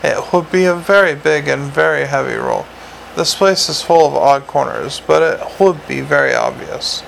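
A man's voice: on the high side, normal speed, creaky, a bit bright, a little hiss or hum, rough recording. A man playing a polite, plodding male police sergeant speaking deferentially.

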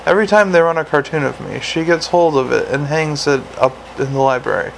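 Gruff tired commander, a man doing the voice, grumbly, slightly high and gravelly. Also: fairly quick, a little hiss or hum. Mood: weary. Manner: grumpy, blunt. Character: gruff weary male police commander.

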